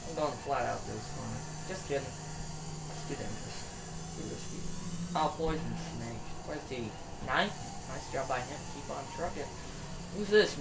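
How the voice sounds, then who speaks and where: A young man giving excitable, exclaiming commentary while playing a racing game. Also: fairly high pitch, creaky. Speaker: gamer. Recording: echoey room, faint noise.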